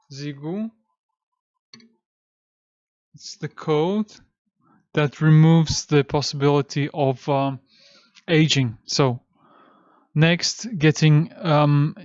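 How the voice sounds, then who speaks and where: A man teaching a class who slowly repeats chanted syllables and tells listeners when to breathe in and out. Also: a little high, a little mellow, clear, resonant tone, no echo. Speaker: esoteric teacher. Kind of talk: slow lecture with chanted syllables. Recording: dull, dry, muffled recording.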